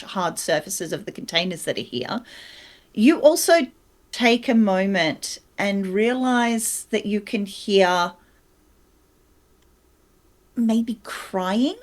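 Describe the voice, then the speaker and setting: A woman narrating a tabletop horror game as storyteller, unhurried and often pausing with fillers as she searches for words. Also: medium pitch.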